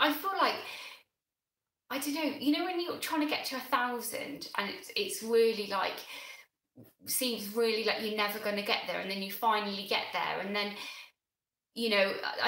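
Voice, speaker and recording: A woman hosting a gardening channel's live stream chat, flustered and excitable, halting with many restarts. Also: mid-range voice. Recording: roomy room echo.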